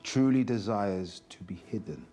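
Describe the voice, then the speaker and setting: An actor playing a thoughtful gentleman who gives measured, reproving advice in a period drama. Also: lowish voice. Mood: sober.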